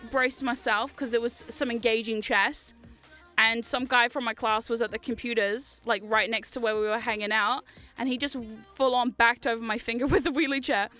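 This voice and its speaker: Woman streamer, 30s, high bright voice, chatty and giggly, faint music underneath. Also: steady tone, normal speed. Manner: chatty, giggly storytelling, reads chat aloud. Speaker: livestream host. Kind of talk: casual livestream chat.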